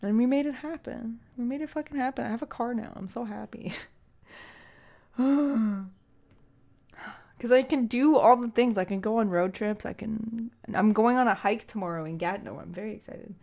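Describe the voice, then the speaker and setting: A woman's voice: a little high, normal speed, gravelly, darkish tone. A young woman streamer chatting casually with her viewers, emotional and teary, rambling with many fillers. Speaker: streamer and singer. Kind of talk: casual live-stream chat.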